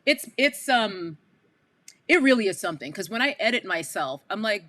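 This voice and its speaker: A woman's voice: medium pitch, sing-song, moderate pace, a bit bright. A woman from Queens with a New York accent, hosting a casual livestream and chatting to viewers with lots of asides. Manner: chatty, addresses viewers as y'all, frequent asides. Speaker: livestream commentary host. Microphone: headphones with mic.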